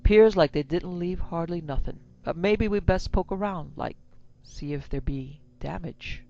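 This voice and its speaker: A woman's voice: fairly low pitch, a little slow, vocal fry, warm tone. A woman reading a horror story aloud, voicing a sly, greedy male soldier with drawling rural speech. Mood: mock-pleasant. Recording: slightly dull lo-fi recording.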